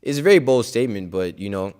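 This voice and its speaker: A man's voice: on the low side, animated, quick pace, darkish tone, smooth. Outspoken man giving a casual religious talk. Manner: conversational, full of "like" and "you know"; emphatic and outspoken. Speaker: speaker at a scripture class.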